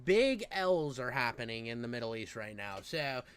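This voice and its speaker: Loud, swearing man ranting. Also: mid-range voice, very animated, normal speed. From United States. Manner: loud, swearing, rambling with restarts. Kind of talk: profane rant commentary.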